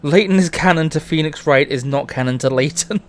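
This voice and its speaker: A man streaming a game in casual commentary, excitable, swearing and stammering as he wanders off on tangents. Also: fairly high pitch, brisk, a little hiss or hum.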